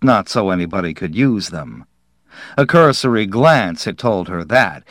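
A male audiobook narrator with a lowish voice and a measured, deliberate delivery. He reads very slowly, recorded close in a dry booth with no room sound. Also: no echo.

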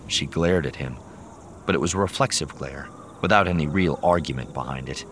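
A man narrating a novel in a measured, storytelling manner. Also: rumbling low, fairly bright tone, a little hiss or hum. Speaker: audiobook narrator. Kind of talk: scripted narration.

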